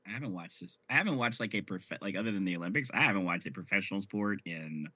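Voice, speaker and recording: A man in his forties co-hosting a relaxed podcast, teasing his friend and calling him "honey". His voice is very bright, with a lively, expressive pitch. It sounds dry and close to the mic. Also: fast talker, breathy edge, no room sound. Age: 40s. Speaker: podcast co-host. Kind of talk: casual chat recapping a sitcom episode.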